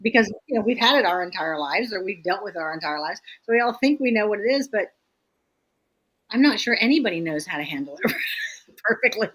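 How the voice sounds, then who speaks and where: A woman's voice: mid-range voice, expressive, a little fast, a bit bright, poor audio. A woman interviewer chatting casually and agreeably, laughing easily as she responds. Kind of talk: casual conversational chat.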